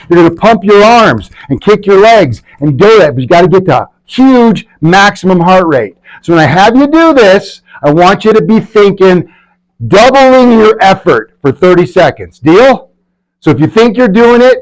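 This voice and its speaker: A man leading a live health workshop in a room full of people. He talks energetically and keeps checking in with his listeners. His voice sits a little on the high side. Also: poor audio. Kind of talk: live workshop talk to an audience. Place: indoor room with a live audience.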